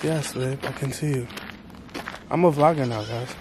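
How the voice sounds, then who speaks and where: A woman's voice: extremely low pitch, moderate pace. Playful woman vlogging outdoors, noisy. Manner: teasing, playful. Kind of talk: casual vlog chat. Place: outdoors on a farm.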